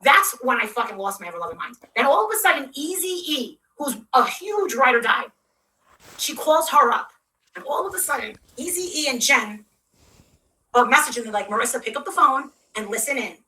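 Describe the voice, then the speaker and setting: A woman's voice: sits high, sing-song, normal speed, bright, forceful tone, far from the mic, rough recording. A woman telling a heated, profane story to her audience, acting out what others said in shifting voices. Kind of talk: ranting storytime.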